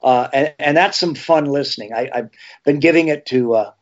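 A man, an actor and horror TV host, telling rambling animated anecdotes in a casual interview. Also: medium pitch, moderate pace. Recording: slightly dull lo-fi sound.

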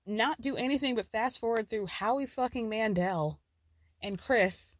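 High-voiced woman recapping gossip. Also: unhurried, no room sound, studio quality. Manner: chatty, profane, laughs often. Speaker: podcast host. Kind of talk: casual pop culture recap.

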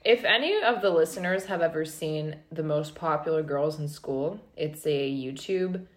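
A woman co-hosting a casual podcast chat, skeptical and dry, quick to laugh. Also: low voice. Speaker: podcast co-host.

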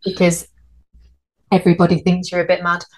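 Woman, podcast co-host, casual chatty explainer, slightly low voice. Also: completely flat delivery, brisk. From United Kingdom. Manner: chatty, laughs at her own stumbles. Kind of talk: casual chat.

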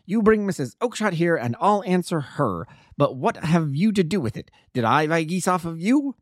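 A man voicing an angry male poultry salesman who shouts fiercely. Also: very animated, normal speed, dry recording, clean studio sound. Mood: angry shouting. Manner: shouting, raised high voice.

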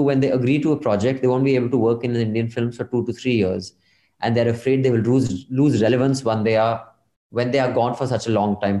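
Mellow-voiced male podcast host, roomy sound. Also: mid-range voice. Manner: chatty, reads emails aloud with asides. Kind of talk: casual podcast chat, reading listener emails.

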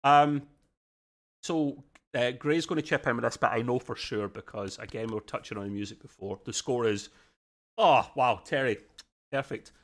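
A man's voice: mid-range voice, moderate pace. A man with an Australian accent co-hosting a podcast, chatting casually and enthusiastically, with lots of restarts. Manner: rambling, enthusiastic, frequent restarts and fillers. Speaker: podcast co-host. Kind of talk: casual review chat.

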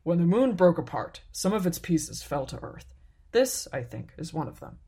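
A woman voicing a loving father who comforts his child gently. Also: fairly low pitch, big pitch swings, moderate pace, breathy edge, heavily acted. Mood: gentle. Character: loving father, warm and reassuring.

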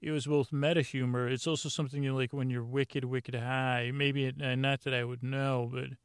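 With a smooth, medium-pitched voice held at a level tone and moderate pace, a man hosts a bedtime podcast in a studio free of room sound. He drifts casually through an episode recap, heavy on fillers and restarts, narrating scenes with "he goes."

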